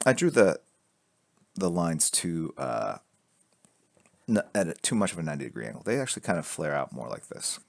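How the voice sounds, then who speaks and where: A man with a deep, low voice talks through a drawing step by step on a live stream, relaxed and joking, answering chat as he sketches. The sound is dry and close, with no room around it. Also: fairly quick, vocal fry, pauses often, no room sound. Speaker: artist streaming a drawing lesson. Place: indoors at a drawing board. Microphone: camera fixed to drawing board.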